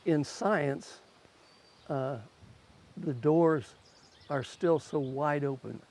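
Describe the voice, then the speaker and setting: A man in his eighties speaking haltingly in a recorded interview, pausing often with fillers. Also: a little high, a little mellow.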